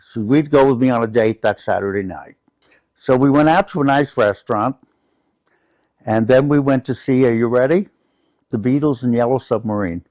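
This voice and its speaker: A man's voice: fairly low pitch, darkish tone, no echo, low-quality recording. An older man from the United States, a guest in an interview, telling personal stories in a reflective, anecdotal way.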